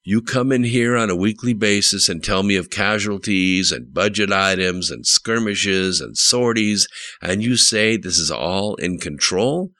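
A man's voice: deep voice, a little slow, pushed and bright, dry recording, exaggerated voice. A man reading the lines of a frustrated male president pressing his generals in an audiobook. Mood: exasperated.

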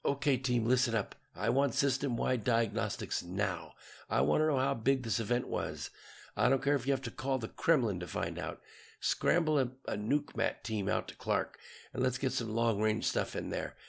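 A man voicing a gruff, hard-driving male military commander in an audiobook. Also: on the low side, lively intonation, normal speed, full character voice. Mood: commanding. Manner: barking orders. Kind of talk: audiobook reading.

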